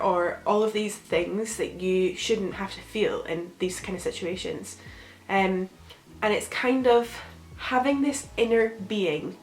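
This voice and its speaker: A young woman talking gently and reflectively to camera, giving casual advice with a rambling, filler-filled manner. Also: medium pitch. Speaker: vlogger. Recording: echoey room with faint music.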